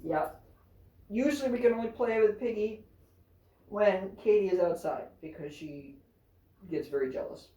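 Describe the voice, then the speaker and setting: A woman's voice: mid-range voice, moderate pace, pauses often, warm tone, reverberant, far from the mic, rough recording. A woman chatting casually at home while giving cheerful commands to her three dogs. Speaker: therapy dog handler.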